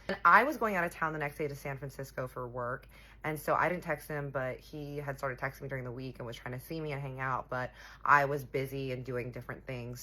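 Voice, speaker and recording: A young woman telling a casual storytime, chatty and animated, with lots of 'like'. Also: extremely low pitch, slightly rough.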